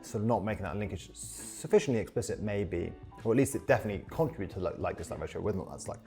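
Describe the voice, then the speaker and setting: A man with a fairly low voice hosts a casual podcast chat. He explains things hesitantly, full of ums and restarts. Faint music sits behind him. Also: expressive, racing, warm tone. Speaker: podcast host.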